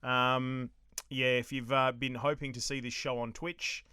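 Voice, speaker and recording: A man's voice: mid-range voice, flat delivery, unhurried, pushed and bright, clean tone, no room sound, studio quality. An Australian man hosting a gaming podcast, bantering and swearing freely in casual chat. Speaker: podcast host.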